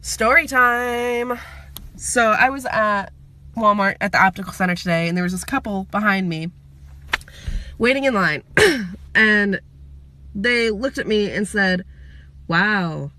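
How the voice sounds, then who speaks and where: A woman's voice: mid-range voice, lively intonation, unhurried, long pauses, bright, forceful tone. A young woman telling a comic story in a blunt, sarcastic way, recorded close and dry.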